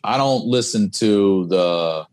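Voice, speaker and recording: Low-voiced comedian, loose and profane. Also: male voice, slow pace. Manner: storytelling, swearing freely, animated quotes. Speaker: comedian guest. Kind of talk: casual podcast chat.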